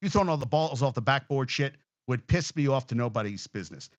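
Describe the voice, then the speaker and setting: Animated, profane sports-talk guy. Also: mid-range voice, fast, dry recording. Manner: rambling, profane, emotional. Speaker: sports talk show host.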